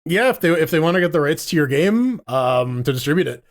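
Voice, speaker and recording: Man, podcast co-host, higher-pitched voice, rambling, restarts a lot, casual swearing. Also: big pitch swings, brisk. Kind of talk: casual gaming news chat.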